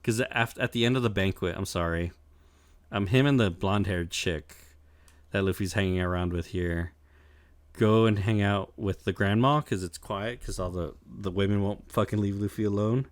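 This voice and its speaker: A man's voice: on the low side, normal speed, dry recording. A man co-hosting a podcast, recapping episodes in loose, profane chat with lots of laughs and fillers. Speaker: podcast co-host. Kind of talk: casual chat, recapping an anime.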